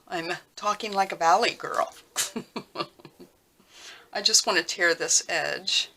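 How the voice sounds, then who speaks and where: A woman talking casually while she works on a craft project at home, rambling and thinking out loud with lots of fillers. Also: lowish voice, a little slow. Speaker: crafting vlogger. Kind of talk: casual craft tutorial chat. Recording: noisy with clicking sounds.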